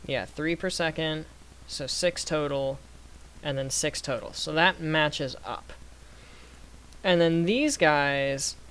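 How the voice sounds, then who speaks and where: A young man giving casual gameplay commentary, thinking aloud through numbers and getting excited when things work. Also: fairly high pitch. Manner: excited bursts. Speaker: gaming youtuber. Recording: faint background noise.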